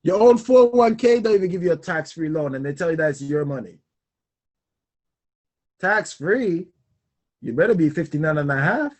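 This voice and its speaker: A young man talks about money in a husky, slightly breathy voice that sits a bit high for a man. He speaks animatedly, stresses his points by repeating them, and laughs often. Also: lively intonation, quick pace, few pauses, darkish tone. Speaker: finance show host. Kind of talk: casual solo talk on money.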